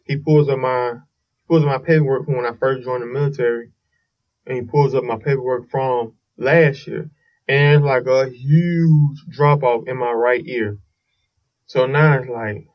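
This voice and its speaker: A man's voice: medium pitch, steady tone, normal speed, distant mic, lo-fi sound. A man hosting a casual solo podcast, telling a long story in a rambling way with restarts and swearing. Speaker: podcast host.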